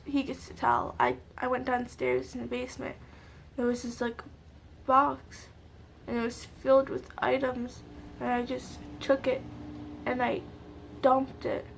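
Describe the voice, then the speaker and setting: A woman's voice: sits high, gravelly, slight background noise. Tearful young woman telling a sad story. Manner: halting, tearful retelling with many fillers. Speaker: vlogger. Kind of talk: emotional storytime vlog.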